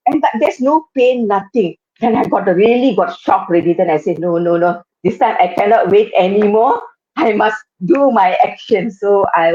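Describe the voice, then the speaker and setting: A woman's voice: mid-range voice, a little mellow, dull audio. A woman in her fifties with a Malaysian English accent, a guest telling her personal story earnestly, often repeating phrases for emphasis. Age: 50s. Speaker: guest, cancer survivor and occupational therapist. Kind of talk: personal storytelling on a live web show.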